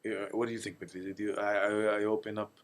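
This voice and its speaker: A man imitating his father, a warm but blunt middle-aged restaurant owner, speaking in a booming, affectionate, exasperated way. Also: level tone, fast, close to an everyday voice. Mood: indignant.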